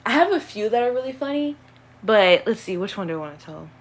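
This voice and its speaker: A woman's voice: medium pitch, lively intonation, fast talker. A woman in her early twenties chatting casually on a live stream, rambling and easygoing, with lots of fillers as she answers questions. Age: early 20s.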